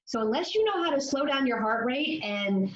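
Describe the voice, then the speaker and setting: A woman's voice: high voice, lively intonation, normal speed. A woman guest on a podcast, explaining addiction with confidence. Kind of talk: podcast interview. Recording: echoey room, dull lo-fi sound.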